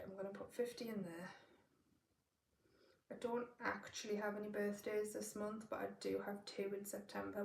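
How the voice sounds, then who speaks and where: A woman with a gravelly, creaky edge talks through her budget, musing aloud and tallying numbers as she goes. She sits back from the mic, so her voice carries a roomy echo with faint ambience behind it. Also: mid-range voice, far from the mic, slight background noise. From northeast England. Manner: thinking aloud, doing sums as she goes. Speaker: budgeting vlogger. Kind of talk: casual budgeting walkthrough.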